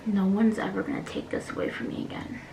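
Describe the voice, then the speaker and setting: A woman speaks in a personal vlog, earnest and halting, at times falling to a near-whisper as she holds back tears. Her voice has a gravelly fry. The room is echoey, with a faint hiss of noise behind her. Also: mid-range voice, level tone. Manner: earnest, halting, often drops to a soft whisper. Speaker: beauty vlogger.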